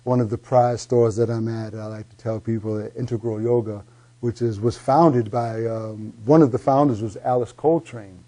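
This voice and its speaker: Man with a very dark, mellow voice. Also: mid-range voice, fairly even intonation, normal speed. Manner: easygoing, promotional, lots of fillers. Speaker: guest, health food vendor.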